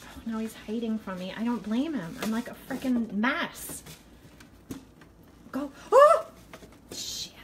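A woman's voice: on the high side, a little slow, long pauses, slight background noise. A frightened woman in her home kitchen, talking to viewers in a panicky, exclaiming way. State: frightened, shaky. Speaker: vlogger. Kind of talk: casual live video.

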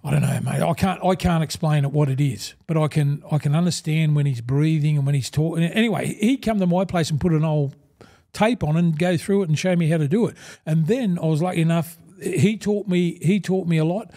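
An Australian man in his sixties, a former footballer turned broadcaster, telling animated stories in an interview and acting out quoted conversations. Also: a little high, fairly quick. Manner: animated yarn-spinner, acts out quoted dialogue, says "mate" constantly. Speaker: guest, former rugby league player and broadcaster. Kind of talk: casual interview storytelling.

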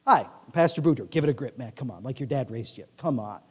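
A male pastor preaching a sermon in a church, swinging from quiet asides to loud declarations. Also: medium pitch, expressive, fast talker, husky, long reverb tail. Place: large church sanctuary.

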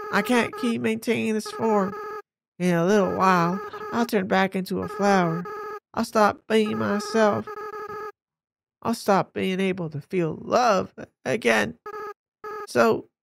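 A man voicing a gentle, remorseful young goat-monster boy, reading the game's dialogue in a soft, earnest way. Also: high-pitched, gravelly, full character voice. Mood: sorrowful.

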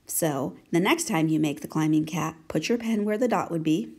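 A woman with a slightly husky, breathy voice that sits a little low, leading a children's handwriting lesson. She talks gently and patiently, checking again and again that her young learners are following along. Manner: gentle, slow and encouraging, asking many check questions. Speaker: handwriting teacher.

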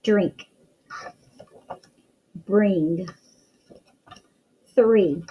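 A woman's voice: mid-range voice, very slow, lo-fi sound, slight background noise. A woman teacher reading a picture book aloud to young children, full of exclamations and questions to the listener.

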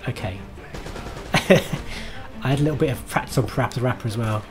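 A man's voice: medium pitch, fairly quick, over music. A man streaming himself playing a game, chatting to viewers in a self-mocking way, swearing and laughing at his own mistakes. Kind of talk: live gameplay commentary.

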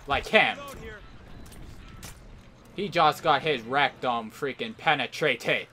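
A man's voice: medium pitch, takes it slowly, long pauses, sharp tone, a little hiss or hum. A man giving live commentary over an online shooter match, hurling theatrical mock-outraged insults at opponents. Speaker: gameplay commentator.

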